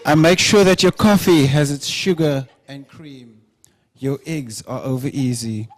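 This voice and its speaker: A man's voice: medium pitch, a little slow. A man with a South African accent, a comedian contestant reciting a poem in a self-mocking way. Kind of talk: joking poetry recital.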